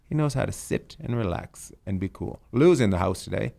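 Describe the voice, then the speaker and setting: A man's voice: fairly low pitch, animated, normal speed, gravelly, warm tone. A man hosting a podcast, telling rambling stories in casual chat and swearing freely. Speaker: podcast host. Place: lives in California.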